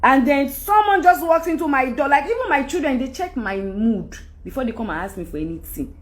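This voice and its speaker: A woman's voice: high-pitched, lively intonation, fairly quick. A middle-aged Nigerian woman with a Nigerian accent, giving an emphatic, rambling monologue to her followers. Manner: emphatic, rambling, switches into Yoruba. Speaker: celebrity speaking to followers. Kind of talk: candid monologue.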